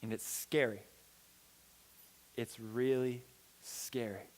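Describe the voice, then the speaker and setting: Young guy youth pastor, kinda high voice, super animated storytelling, lots of echo from the hall. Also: moderate pace. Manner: animated, acts out quoted dialogue with big pitch swings. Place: church hall. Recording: long hall reverb.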